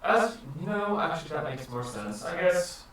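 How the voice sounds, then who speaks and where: A man narrating a tabletop game as game master, in an animated way. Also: a little high, normal speed, noisy background. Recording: echoey room, far from mic.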